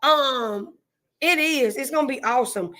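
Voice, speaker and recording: A woman's voice: high-pitched, unhurried, bright, forceful tone. A woman with a Southern drawl hosting a casual live stream, chatting folksily with viewers, repeating herself and greeting them by name.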